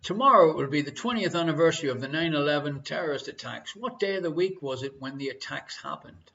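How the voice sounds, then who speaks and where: Fast and animated, this Irish quiz host has a fairly high, sharp voice with vocal fry. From home he runs a live online quiz, joking and chatting, reading each question twice and bantering with his partner, with the stream audio dull and lo-fi.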